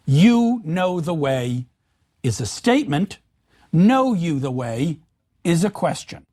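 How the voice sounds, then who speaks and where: A man giving an academic lecture in a measured, emphatic way, speaking example sentences aloud. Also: high voice, darkish tone.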